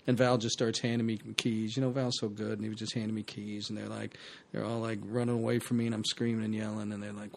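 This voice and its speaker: Gravelly-voiced man telling stories. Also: fairly low pitch, fast. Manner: animated storyteller, laughs mid-sentence. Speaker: actor guest. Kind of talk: casual anecdote telling.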